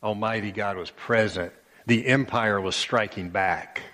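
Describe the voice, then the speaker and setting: Slow, low-voiced pastor preaching. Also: male voice, bright, forceful tone, big-room sound. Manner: emphatic, dramatic storytelling. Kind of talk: sermon.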